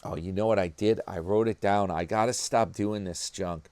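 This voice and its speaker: A man with a New York accent talks straight to his viewers in a loose, rambling commentary vlog, tossing in "man" and "guys" as he goes. His voice sits a little low, and the recording is close and dry with no room sound. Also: fairly even intonation, moderate pace, darkish tone, no room sound. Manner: chatty, rambling, peppers talk with "man" and "guys". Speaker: YouTube commentary vlogger.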